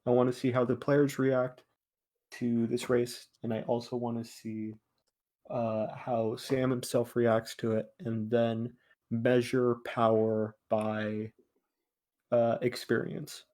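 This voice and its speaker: A man chatting casually with friends before a tabletop game, explaining a race he is designing, halting and restarting often. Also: medium pitch, flat delivery, a little mellow. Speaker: player designing a homebrew race. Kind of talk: casual chat among friends.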